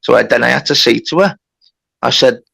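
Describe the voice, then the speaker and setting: A man's voice: medium pitch, a little fast, vocal fry, fairly bright tone, husky. Rambling man telling stories. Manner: swearing, rambling, heavy on reported speech. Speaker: livestream host. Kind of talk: casual storytelling.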